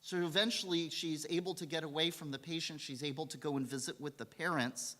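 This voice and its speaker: Bright-voiced man preaching in a reverberant hall. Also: on the high side, a little fast. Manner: animated storyteller acting out quotes. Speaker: rabbi. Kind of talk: sermon storytelling. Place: synagogue sanctuary.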